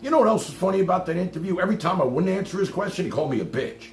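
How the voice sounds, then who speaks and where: Man, streamer ranting to chat, lively pitch, echoey room with faint hum. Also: racing, creaky. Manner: fired-up, profane, swings loud then drops low. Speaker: live streamer. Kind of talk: ranting live stream monologue.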